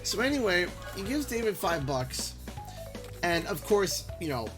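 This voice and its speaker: A young Canadian man live-streaming, telling a rambling, animated anecdote full of restarts. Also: high-pitched, a little slow. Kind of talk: casual live-stream storytelling. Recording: game music playing underneath. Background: game music.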